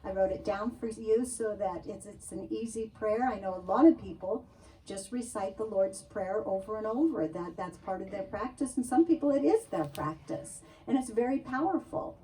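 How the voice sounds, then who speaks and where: A woman minister leading a congregation in prayer, gentle and coaxing, often checking in with "okay?". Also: mid-range voice, moderate pace, a little hiss or hum. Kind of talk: spiritual talk and guided prayer. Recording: distant mic with faint room ambience.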